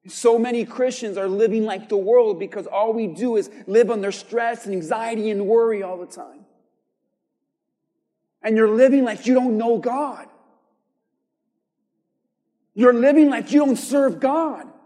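A man preaching a sermon as pastor, swinging from quiet, measured lines to shouted emphasis. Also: very high-pitched, long reverb tail. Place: church.

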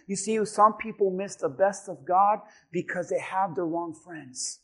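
A man preaching a sermon as pastor, telling a story calmly and then building to shouted exhortation. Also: high voice, measured pace, hardly any pauses.

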